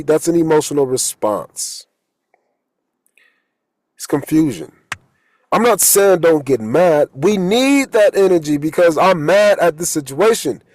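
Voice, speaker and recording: A man giving a casual, profane talk as a holistic coach and tarot reader, loose and quick to laugh at his own jokes. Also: on the high side, darkish tone, dry recording, rough recording.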